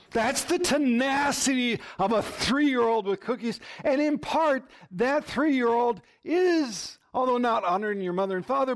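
A pastor giving an animated sermon, telling stories and asking the congregation questions. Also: male voice, high-pitched. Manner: animated storytelling with audience questions.

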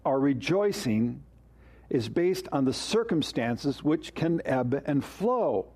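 A man's voice: mid-range voice, big pitch swings, slow, darkish tone, breathy edge. A man preaching a sermon as pastor, emphatic and asking rhetorical questions.

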